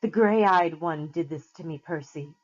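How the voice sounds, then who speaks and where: A woman's voice: sits low, darkish tone. A woman reading aloud and voicing an old female gorgon who speaks in a honeyed, coaxing way. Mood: soothing. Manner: honeyed, coaxing, slow and sugary. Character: sweet-talking old female gorgon, menacing beneath. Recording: slightly muffled lo-fi recording.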